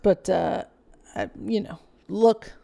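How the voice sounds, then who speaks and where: A woman's voice: medium pitch, fairly even intonation, takes it slowly, vocal fry, mellow. A woman co-hosting a casual film podcast, rambling through award lists with lots of fillers. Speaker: podcast co-host. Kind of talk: casual film review chat.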